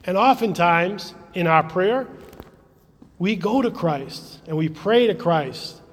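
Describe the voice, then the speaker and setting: A man preaching a gentle children's sermon in a church, asking the children questions as he retells a gospel story. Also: high-pitched, lively intonation, slow pace. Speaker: priest. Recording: long church reverb.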